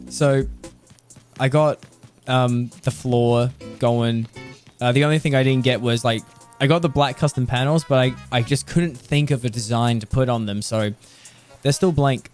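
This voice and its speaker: A man's voice: mid-range voice, steady tone, measured pace, pauses often, a little mellow. A man streaming a game, chatting casually in a rambling way and laughing often. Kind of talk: casual chat while playing. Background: background music.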